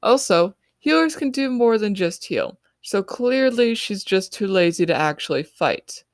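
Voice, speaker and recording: A woman's voice: mid-range voice, expressive, unhurried, no echo, studio quality. A woman author reading her own novel in the first person on her podcast.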